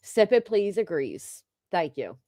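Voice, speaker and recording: A woman's voice: lowish voice, sing-song, takes it slowly, mellow, no echo, studio quality. A woman hosting a casual livestream, chatting and gossiping while reading viewer comments aloud, and laughing often. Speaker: livestream host.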